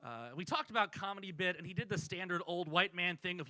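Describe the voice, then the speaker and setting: On a small club stage, a stand-up comedian tells a wry, self-deprecating story as part of his set. He talks fast in a high, very bright voice, picked up close and dry by the mic. The recording is dry and low in quality.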